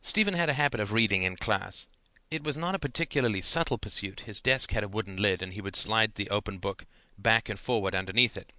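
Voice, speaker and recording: Guy narrating an audiobook, lowish voice, very bright tone, dry measured delivery. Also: no room sound.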